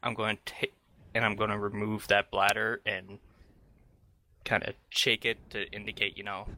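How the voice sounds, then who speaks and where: Bright-voiced man playing a tabletop game. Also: lowish voice, little pitch movement, normal speed. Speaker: player.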